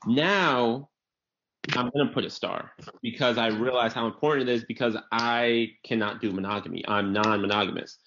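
A New York-area man runs a casual comedy podcast, an animated storyteller who acts out quotes and doesn't hold back on swearing. His mid-range voice moves at normal speed over slight background noise, in slightly dull lo-fi audio.

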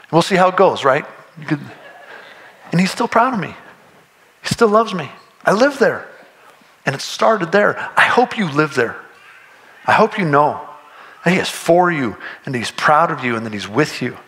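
Male pastor, earnest conversational sermon, bright voice, a bit high. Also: poor audio. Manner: earnest, conversational preaching with restarts and rising emphasis.

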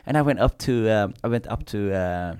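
A man's voice: on the low side, normal speed, clean tone, no echo. A young adult man, a comedian guest, telling stories in a casual chat, swearing freely and laughing often. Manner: animated, swearing anecdotes with laughter.

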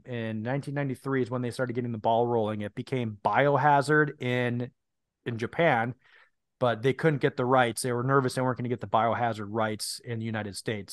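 A man's voice: medium pitch, no echo. A man co-hosting a podcast, talking in a loose, rambling way and often stumbling over the start of a thought. His voice sits in a middle range and sounds close and dry, with no room around it. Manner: rambling, repeats words when starting a thought. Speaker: podcast co-host. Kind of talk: casual chat.

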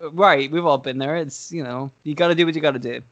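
A man's voice: on the high side, fast talker, a bit bright, no room sound, muffled recording. Profane, rambling male podcast co-host. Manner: rambling, profane, laughs at own jokes. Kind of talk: casual podcast chat, improvised storytelling.

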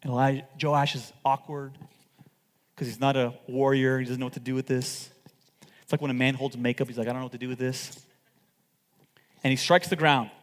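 A man preaching a sermon to his church, swinging between loud outbursts and hushed asides and acting out the people he quotes. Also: medium pitch, level tone, brisk, long reverb tail. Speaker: pastor.

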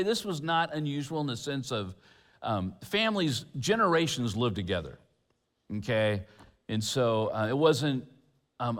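A man preaching a sermon as pastor, animated and chatty, with humorous asides. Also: medium pitch. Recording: long church hall reverb.

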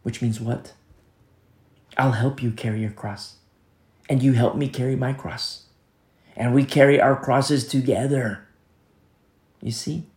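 A man's voice: medium pitch, fairly even intonation, a little slow, long pauses. Earnest preacher man in an echoey room. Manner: earnest, repetitive, often drops to a soft hush. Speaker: pastor. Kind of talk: sermon.

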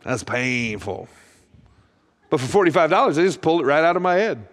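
A middle-aged pastor telling comic stories from the pulpit, with a dry, self-mocking timing that acts out both sides of every conversation. His voice sits a touch high for a man. It rings with the long reverb of a big hall. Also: sing-song, brisk. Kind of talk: humorous sermon storytelling.

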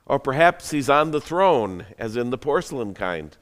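A man's voice: mid-range voice, sing-song, normal speed, hardly any pauses. Male preacher telling a story in a reverberant hall. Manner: conversational, dramatic, joking asides. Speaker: pastor. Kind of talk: sermon storytelling.

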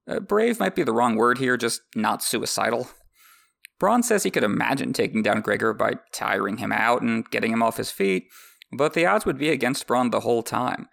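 A podcast host with a mid-range, fairly bright voice, lively intonation, and vocal fry reads a book aloud at a moderate pace. He adds wry, joking asides as comedic commentary.

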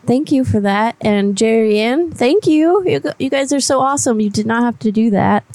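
A woman's voice: a little high, moderate pace, a little mellow, dry recording. A woman co-hosting a casual livestream, chatty and playful. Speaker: livestream co-host.

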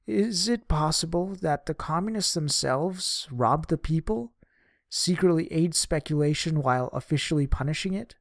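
A man reading a first-person diary memoir aloud, in a measured, even narrating manner. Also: on the high side, vocal fry, no room sound, clean studio sound. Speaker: audiobook reader.

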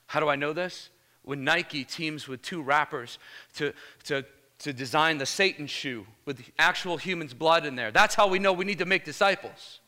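A male pastor preaching a lively sermon, energetic and casual, calling out "Amen?" to the congregation. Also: fairly high pitch, normal speed. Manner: energetic, casual slang, repeated "Amen?" calls.

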